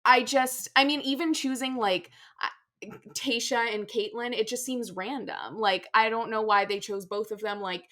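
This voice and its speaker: A young woman co-hosting a casual chat show, tired and talking in an animated way with many fillers and restarts. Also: a little high, normal speed. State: tired after a vaccine. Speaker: podcast co-host.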